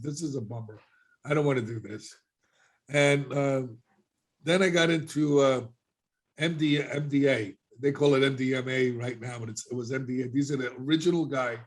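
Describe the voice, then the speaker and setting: A middle-aged man telling his life story as a podcast guest, casually and animatedly, acting out the voices of people he quotes. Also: medium pitch.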